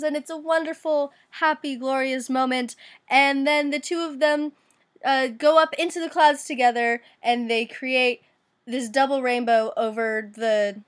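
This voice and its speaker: A woman's voice: high voice, fairly even intonation, a little slow. A woman vlogger retelling a folk legend in a casual, enthusiastic storytelling way.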